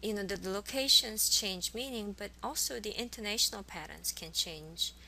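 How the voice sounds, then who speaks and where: A woman's voice: medium pitch, moderate pace, creaky, sharp tone, a little hiss or hum, poor audio. A woman teaching a college language class, explaining grammar patiently and modeling example sentences. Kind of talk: recorded classroom lecture. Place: college course recording.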